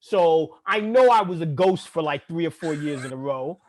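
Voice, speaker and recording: A man from Brooklyn, New York, co-hosting a podcast as a father of young kids, talking bluntly with plenty of swearing and quick laughs. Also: a little high, animated. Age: adult father of young kids. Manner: blunt, profane, laughs easily. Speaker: podcast co-host. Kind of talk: casual chat.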